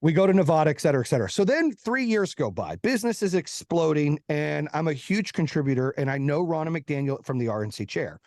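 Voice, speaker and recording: A man with a fairly high voice tells a personal story in a casual, profane way. He acts out other people's quotes as he goes. The sound is dry and close, with no room echo. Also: expressive, a little mellow. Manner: profane, fast-moving anecdote with acted-out quotes. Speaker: podcast guest, entrepreneur.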